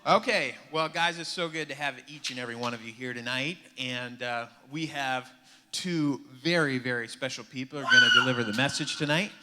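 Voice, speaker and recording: A man's voice: mid-range voice, a little fast, bright, forceful tone. A man introducing speakers at a church youth service in an upbeat, encouraging way. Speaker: youth pastor. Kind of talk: casual stage introduction.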